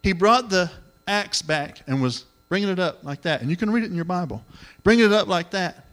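Middle-aged preacher, lively delivery, acts out the voices in his sermon. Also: high-pitched, moderate pace. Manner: animated storytelling, acts out voices, exclamations of hallelujah.

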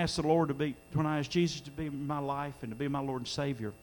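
A man's voice: fairly high pitch, fairly even intonation, fast, darkish tone. A middle-aged man preaching a sermon in a church, earnest, his voice swelling when he quotes scripture. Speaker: pastor. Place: church sanctuary during a live-streamed service.

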